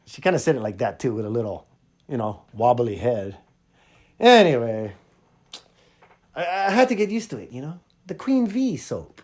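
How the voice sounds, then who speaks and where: A man hosting a podcast, telling a funny story in a casual, animated way and acting out both sides of a conversation. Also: fairly high pitch. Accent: Hawaiian. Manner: animated, jumps between loud and quiet, acts out dialogue. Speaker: podcast host.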